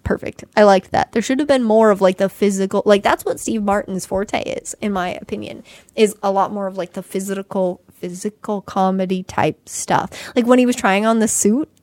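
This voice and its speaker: A young woman co-hosting a podcast, ranting in casual chat with animated sarcasm and frequent swearing. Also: medium pitch, normal speed, no room sound. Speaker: podcast co-host.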